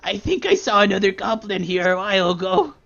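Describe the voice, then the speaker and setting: A man's voice: sits high, sing-song, brisk, gravelly, fairly bright tone, voice pushed up, full character voice. A man voicing an awkward, uneasy male goblin. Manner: fidgety, uneasy. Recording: dull lo-fi voice chat.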